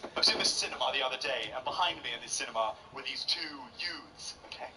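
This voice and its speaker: A man's voice: mid-range voice, fast, sharp tone, far from the mic, a little hiss or hum, rough recording. A British man doing a stand-up routine, telling stories in a posh, self-mocking way on a large theatre stage. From Britain. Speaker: stand-up comedian.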